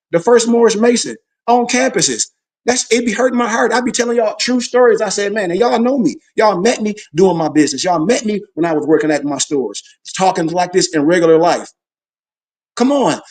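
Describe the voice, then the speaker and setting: A man teaching a Sunday school class in an emphatic, animated preaching style, calling out to his listeners for responses. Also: sits high, a little fast.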